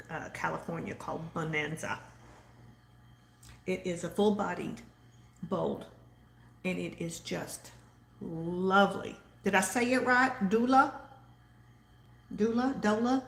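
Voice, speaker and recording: Southern woman, casual livestream host, low gravelly voice, rambling and chatty, echoey room. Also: slight background noise. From Texas. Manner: chatty and rambling, reads viewer comments aloud. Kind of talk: casual live-stream chat.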